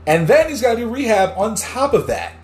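A man hosting a casual news commentary podcast, swearing freely and getting loud when worked up, who also reads news articles aloud with a few stumbles. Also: sits high, sing-song, fairly quick, echoey room, faint music behind. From New Jersey. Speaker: podcast host.

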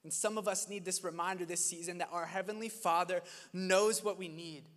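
A man preaching in a high, ringing voice, earnest and chatty. His bright tone carries through the long echo of a big church hall. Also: steady tone, brisk. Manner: earnest and conversational, laughs at his own stories. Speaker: pastor. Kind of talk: sermon. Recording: long reverb of a large hall.

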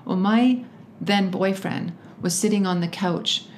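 A woman's voice: medium pitch, unhurried, a little hiss or hum. A woman being interviewed, telling a personal story emphatically and with animation, often laughing as she talks. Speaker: interview guest. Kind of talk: personal story told in conversation.

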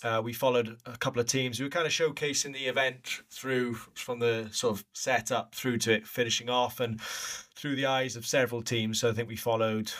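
A man's voice: mid-range voice, steady tone, moderate pace, a bit bright. A man in his early thirties co-hosting a podcast, telling stories in a chatty way and laughing often. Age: early 30s. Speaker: podcast co-host, former player. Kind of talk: casual chat.

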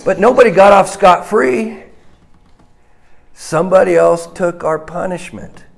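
A man preaching a sermon slowly and emphatically, dropping to a hushed voice on key points. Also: sits high, creaky.

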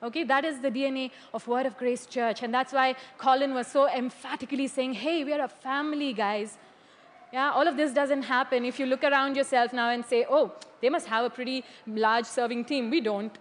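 A woman preaching a sermon in a church hall. She is animated, laughs often and keeps checking in with "okay?". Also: high voice, brisk, few pauses. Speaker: church leader. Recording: long hall reverb.

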